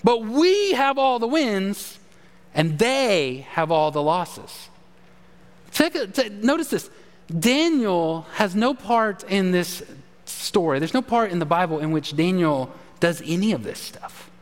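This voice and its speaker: A man's voice: high voice, sing-song, slow pace, big-room sound. A man preaching a sermon with emphasis, asking his congregation questions. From Texas. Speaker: pastor.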